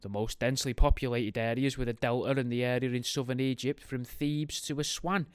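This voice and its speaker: Fairly quick and steady, a medium-pitched man with a clean tone reads history aloud for his podcast, pausing for wry, jokey detours. The recording is dry, with clean studio sound.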